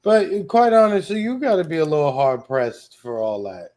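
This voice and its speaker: A man's voice: on the high side, normal speed, darkish tone. A man co-hosts a casual podcast with a slightly raised voice. He mostly chimes in with short, hesitant remarks. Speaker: podcast co-host. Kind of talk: casual chat.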